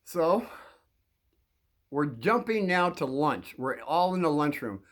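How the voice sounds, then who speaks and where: A man's voice: fairly high pitch, very animated, takes it slowly. A man telling a long story from his school days to young listeners, rambling with frequent restarts and repeated words.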